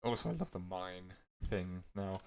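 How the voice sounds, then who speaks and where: A man's voice: low-pitched, fairly even intonation, unhurried, gravelly, a little mellow, a little hiss or hum. A man giving casual gameplay commentary, rambling with many fillers and self-corrections, his voice cracking now and then. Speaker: gameplay video creator.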